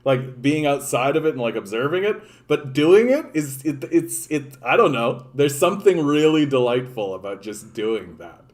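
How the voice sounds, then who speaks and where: A man's voice: mid-range voice, big pitch swings, moderate pace, hardly any pauses. A Canadian man delivering ranting political commentary, bluntly and with passion, stumbling over repeated words and constant "like" fillers. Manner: blunt and impassioned.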